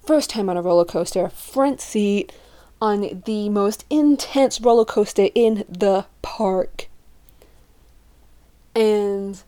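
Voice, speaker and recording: A young woman telling a personal story in a casual, animated way, acting out what she and her friends said. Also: mid-range voice. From living in Utah. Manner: animated, acts out her friends and herself in quoted voices.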